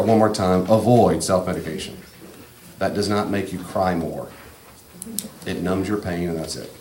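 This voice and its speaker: A man's voice: on the low side, a little mellow. A man giving an earnest, direct teaching talk as a preacher. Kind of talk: sermon-style teaching talk. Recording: echoey room, faint ambient noise.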